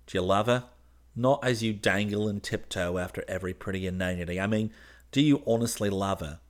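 A man's voice: fairly low pitch, brisk, natural voice. A man voicing a scornful, exasperated young male art student scolding his friend. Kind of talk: audiobook character reading.

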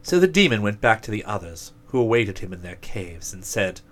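A man narrating a storybook aloud in a measured, expressive way. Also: on the low side.

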